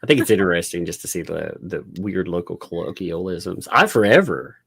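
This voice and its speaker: Gravelly Southern man, laughing host. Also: low voice, fairly quick, no room sound. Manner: laughs often, animated. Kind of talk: casual livestream chat.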